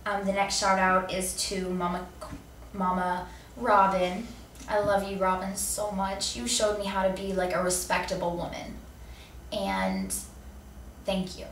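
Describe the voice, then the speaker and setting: A young woman vlogger giving an earnest, heartfelt personal message while seated indoors. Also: medium pitch. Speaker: vlogger host. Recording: roomy echo, distant mic, faint room noise.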